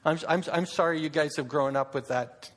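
A man giving a public talk to an audience, animated, full of rhetorical questions and restarts. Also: a little high, moderate pace. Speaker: speaker addressing an audience.

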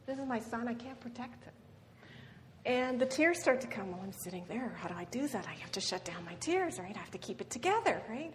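A woman's voice: on the high side, animated, a little fast. A middle-aged woman telling a personal story as a seminar speaker, earnest, with frequent ums and tag questions. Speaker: guest speaker. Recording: reverberant hall with faint noise.

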